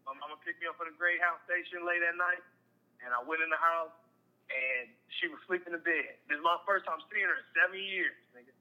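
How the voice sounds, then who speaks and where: A man's voice: fairly high pitch, fairly quick, bright, forceful tone, poor audio. A man candidly telling a personal story in casual, slangy talk, often repeating himself. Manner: candid, emotional, repetitive, slangy.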